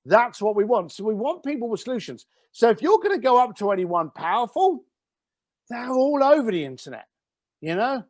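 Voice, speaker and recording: Lively high-voiced blunt male storyteller. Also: fairly quick, dry recording, studio quality. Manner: blunt, emphatic storyteller who swears casually. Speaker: interview guest, business founder. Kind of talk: conversational interview storytelling.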